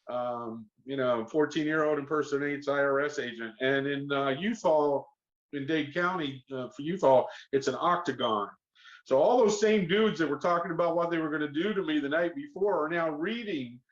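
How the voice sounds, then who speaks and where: A middle-aged man with a Southern accent, spinning an animated story and slipping into the voices of the people in it. His voice sits a little high for a man. The sound is a bit muffled, like a lo-fi podcast track. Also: moderate pace. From Miami, Florida. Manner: animated storyteller who acts out quoted voices. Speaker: guest. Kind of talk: storytelling interview. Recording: slightly muffled podcast audio.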